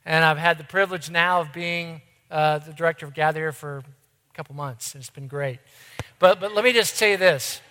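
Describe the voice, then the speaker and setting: Man, middle-aged, church ministry director, high voice, conversational sermon, self-deprecating, long hall reverb. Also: moderate pace, pushed and bright. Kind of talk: sermon storytelling.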